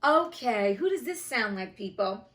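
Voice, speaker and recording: A woman from New Jersey reads a classic novel aloud, then stops for blunt, sassy asides. Her voice is fairly high and swings widely in pitch. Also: animated, brisk, a bit bright. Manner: sassy, blunt, swears casually. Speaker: audiobook reader and commentator. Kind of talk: casual storytime reading with commentary.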